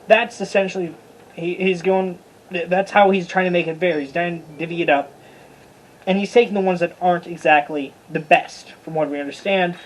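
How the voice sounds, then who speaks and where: A Bible study teacher with a husky, mid-range voice gives a casual, informal lesson, chatting along and tripping over difficult names. The recording quality is low.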